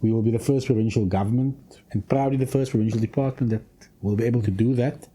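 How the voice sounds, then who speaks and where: Man, minister in a radio interview, measured and formal, mellow dark tone. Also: medium pitch, steady tone. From South Africa. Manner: measured, speaks in long policy statements. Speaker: provincial minister. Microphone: studio microphone.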